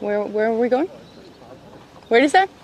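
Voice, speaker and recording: Her voice is a little high and expressive, at a normal speed. The American livestream host is outside by a roadside, laughing often as she chats with her viewers and welcomes each by name.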